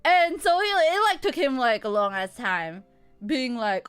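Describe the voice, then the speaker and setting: A woman streamer telling a story in casual chat, animated, laughing often and swearing freely. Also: high-pitched, measured pace, clean tone, soft background music.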